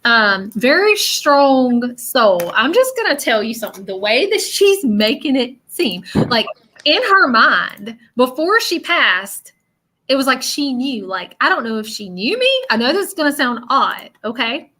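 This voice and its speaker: Woman, psychic medium on a live stream, earnest, halting, emotional, bright voice, fairly high. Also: sing-song. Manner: earnest, halting, repeats phrases. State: emotional, near tears. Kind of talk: live-stream spirit reading.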